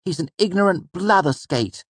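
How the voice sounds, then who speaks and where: A man's voice: fairly high pitch, sing-song, moderate pace, no room sound, voice pushed up. A man doing a bitter young boy. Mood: scathing. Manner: indignant, sharp retorts. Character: young boy, proud and bitter troupe child.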